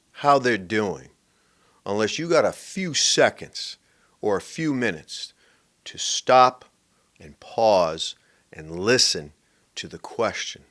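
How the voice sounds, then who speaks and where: Animated sarcastic man ranting on a podcast. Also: lowish voice, measured pace, pauses often. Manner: sarcastic, mimics people in exaggerated voices, laughs often. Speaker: podcast host. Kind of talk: animated solo podcast rant.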